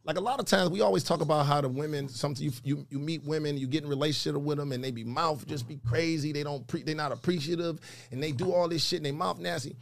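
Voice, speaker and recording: A man's voice: on the high side, quick pace, vocal fry. A man in a casual group chat giving profane, preachy advice to the other men.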